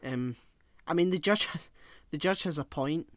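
A man's voice: a little high, moderate pace, fairly bright tone, no room sound, studio quality. A man co-hosting a podcast, chatting casually about a film with blunt, sweary remarks and lots of restarts. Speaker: podcast co-host.

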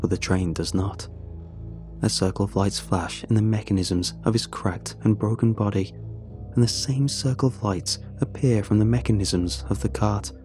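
Guy reading a horror story first person, calm and tense, low warm voice. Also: moderate pace, faint music behind.

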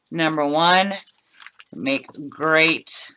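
Background noise accompanies a middle-aged woman's low voice as she takes it slowly, with long pauses. A craft vlogger, she chats casually while opening craft mail at home, often gushing and laughing.

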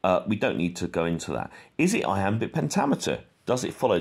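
A man giving an informal, rambling lesson on poetry, with many fillers, who reads verse aloud slowly. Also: low voice, huge pitch swings, vocal fry, husky. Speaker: poetry teacher.

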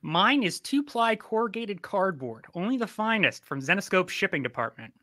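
A playful male host with a bright, lively voice that jumps around in pitch. He jokes and tells stories like a showman. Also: moderate pace. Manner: jokey, animated storyteller. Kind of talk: playful online show hosting.

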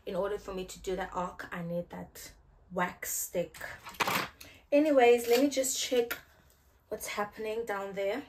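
A young woman with a South African accent talks through installing a wig at home. She is chatty and playful. Her pitch sits in the middle of the range. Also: unhurried, noisy background. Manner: chatty and playful, loud outbursts. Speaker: hair vlogger. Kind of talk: casual hair tutorial chat.

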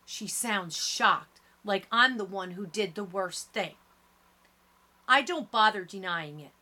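A woman reading a first-person audiobook in steady, lower-key narration. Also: slow pace.

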